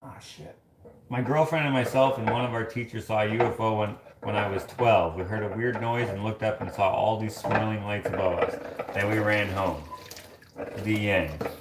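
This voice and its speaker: Man, lowish voice, casual rambling chat, filler-heavy, echoey kitchen. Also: normal speed, heavy background noise. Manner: rambling, chatty storytelling with many fillers. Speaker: livestream host reading chat. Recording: echoey room.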